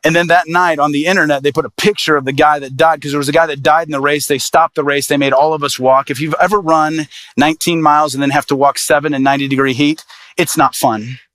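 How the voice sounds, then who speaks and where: A man, an evangelist, telling a personal story in a sermon with lively, animated delivery. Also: a little high, fast talker, dry recording. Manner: animated, lively storyteller voicing quoted people.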